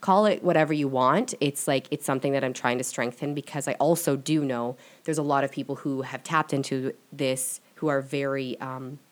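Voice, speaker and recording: A woman's voice: a bass voice, fairly even intonation, normal speed, hardly any pauses. A young woman hosting a casual solo podcast, talking candidly and rambling, swearing freely. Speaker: podcast host. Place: at home at her computer and mic.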